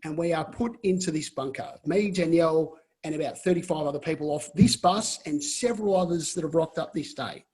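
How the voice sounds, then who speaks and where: Husky-voiced Australian man telling a story. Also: on the high side, brisk, few pauses. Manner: animated storyteller, restarts phrases. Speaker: guest. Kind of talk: casual storytelling. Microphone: video call.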